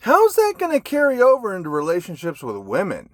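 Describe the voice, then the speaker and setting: A man's voice: sits high, huge pitch swings, brisk, dry recording, clean studio sound. A man telling his life story in a raw, blunt monologue, swearing constantly. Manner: heavy profanity, blunt and agitated.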